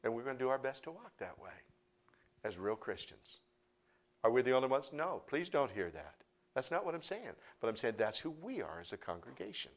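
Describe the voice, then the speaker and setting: A man's voice: medium pitch, big pitch swings, brisk. Impassioned male pastor preaching. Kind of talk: sermon.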